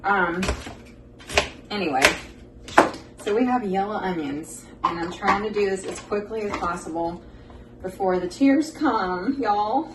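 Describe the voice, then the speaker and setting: A woman's voice: mid-range voice, a little slow, long pauses, very noisy. Woman hosting a home cooking vlog, chatty and folksy, recorded from across a roomy kitchen. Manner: chatty, folksy, talks to viewers as "y'all". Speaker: cooking show host. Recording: echoey kitchen, mic far off, loud kitchen clatter. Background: dishes and pans clattering.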